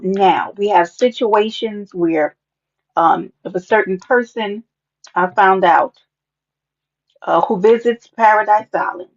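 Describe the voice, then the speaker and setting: On dull, lo-fi stream audio, a sassy, lively woman runs a casual live broadcast. She calls out viewers by name and frequently pops into a playful high-pitched voice.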